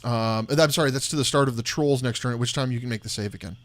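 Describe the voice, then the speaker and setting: A man's voice: medium pitch, fairly bright tone, no echo. A man running a tabletop game as dungeon master, narrating combat and often correcting himself. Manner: apologetic, self-correcting, quick rules talk.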